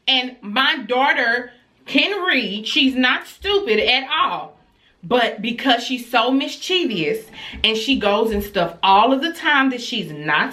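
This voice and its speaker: A woman, telling a casual storytime vlog and acting out scolding her child. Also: on the high side. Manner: animated, acts out scolding her child in a raised voice.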